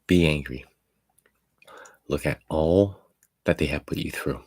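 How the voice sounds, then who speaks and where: A man with an extremely low, husky voice hosts a casual live chat. He talks bluntly and profanely, doubling back over his words like a friend confiding in someone who has been hurt. The sound is close and dry, with no room around it. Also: measured pace, darkish tone, no room sound. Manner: blunt, profane, rambling with many restarts. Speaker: livestream host.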